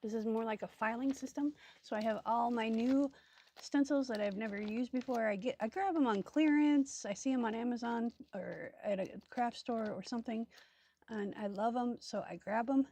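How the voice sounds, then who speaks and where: A woman's voice: a little high, moderate pace, warm tone. Rambling woman chatting through a craft project. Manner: rambling, thinking aloud, many ums and trailing asides. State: hiccups. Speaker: craft video host. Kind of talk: casual crafting tutorial chat.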